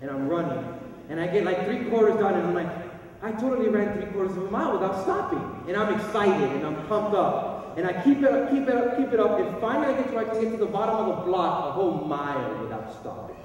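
Male preacher, animated storytelling, fairly high voice, booming hall echo, heard from across the room. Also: quick pace, dull audio. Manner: animated storyteller, swinging between hushed asides and loud bursts. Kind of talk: sermon storytelling. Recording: echoey hall recording from far off.

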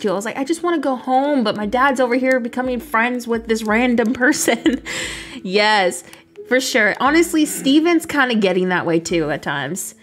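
A young woman from the United States, chatting casually and laughing while streaming a video game. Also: on the high side. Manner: chatty, laughing, rambling with fillers.

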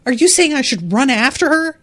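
A woman's voice: sits high, big pitch swings, fairly quick, fairly bright tone. A woman reading aloud as a wounded, defensive young male officer who speaks indignantly.

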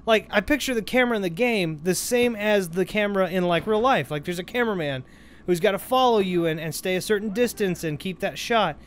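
A man giving casual let's-play commentary over a game, rambling, joking and getting excited as he plays. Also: sits high, fairly quick, a little hiss or hum. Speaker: gameplay commentator.

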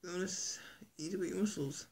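A man vlogging to his viewers in an earnest, halting, soft-spoken way, with a gravelly, husky voice. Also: high-pitched. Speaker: YouTuber. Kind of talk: casual vlog to camera.

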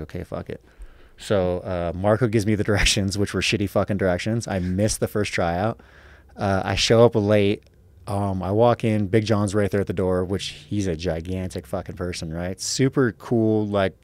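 A man's voice: sits low, darkish tone, dry recording. A man in his thirties, an MMA fighter on a podcast, telling a story casually with lots of swearing and acted-out quotes.

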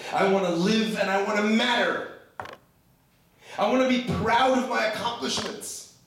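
High-pitched rabbi preaching from afar in an echoey room. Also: male voice, fairly bright tone. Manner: emphatic, rhetorical questions, tells stories. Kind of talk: sermon to a women's group. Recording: very echoey room, distant mic, faint noise.

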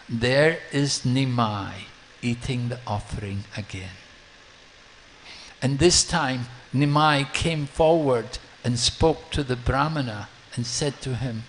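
Slow-speaking man telling a devotional story. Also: on the high side, low-quality recording. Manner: slow, deliberate, with restarts. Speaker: monk preacher.

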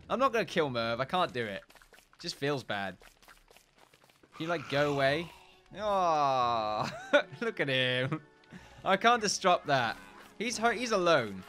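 A young man giving casual, joking commentary while playing games, chatty and quick to swear and laugh. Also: fairly high pitch, sharp tone. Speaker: gaming YouTuber. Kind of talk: casual let's-play commentary.

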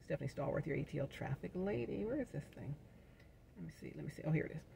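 Middle-aged woman, gravelly voice, casual inspirational vlog, chatty with churchy asides. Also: low-pitched, animated, warm tone, a little hiss or hum. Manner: chatty, preacher-like asides, quick to laugh. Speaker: vlogger.

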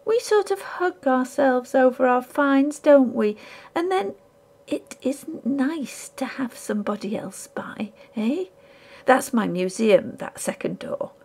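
A furtive, wheedling male collector, put on by a woman reading a ghost story aloud. He talks high and hushed, insinuating every word, with a gravelly edge and a lively, swooping pitch. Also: slow pace, heavily acted. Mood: sly.

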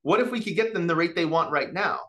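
Animated man giving a market talk. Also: a little high, fast talker. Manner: animated, asks "right?" often, acts out client dialogue. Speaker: mortgage market presenter. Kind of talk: market update presentation. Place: office meeting or online session with chat.

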